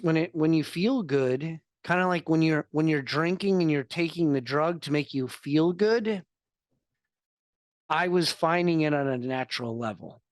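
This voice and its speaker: A man's voice: fairly high pitch, dry recording, clean studio sound. A man, a podcast guest on a video call, speaking earnestly and candidly about his own experience. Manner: earnest, confessional storytelling. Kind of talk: candid interview talk.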